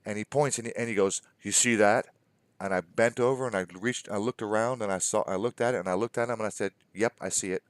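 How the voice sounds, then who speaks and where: Low-voiced man telling exasperated stories. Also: fast talker, hardly any pauses, no room sound. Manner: storytelling, quoting others in mock dialogue, exasperated. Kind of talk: casual conversation.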